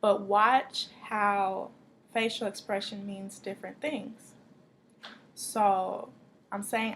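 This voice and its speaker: A woman's voice: medium pitch, little pitch movement, slow pace, a bit bright, slight background noise. A woman teaching a church sign language class, explaining with acted-out examples.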